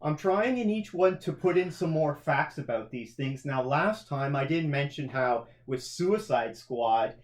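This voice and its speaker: A man's voice: a little high, animated, unhurried, few pauses, roomy sound. A man hosting a casual film review chat, prodding with questions, adding trivia and conceding points. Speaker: podcast host, film reviewer.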